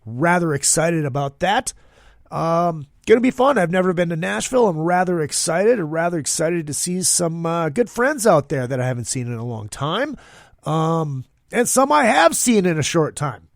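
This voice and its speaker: A man's voice: fairly high pitch, expressive, normal speed, gravelly, no echo, studio quality. A man hosting his own podcast, talking casually in an upbeat, rambling way with plenty of fillers. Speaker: podcast host. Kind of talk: casual solo podcast monologue.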